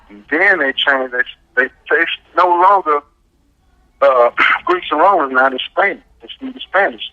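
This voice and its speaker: A man's voice: on the high side, unhurried, dull audio. A man speaking, giving a casual radio talk as a guest and pressing his points with a frequent "right?". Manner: emphatic, asks "right?" often.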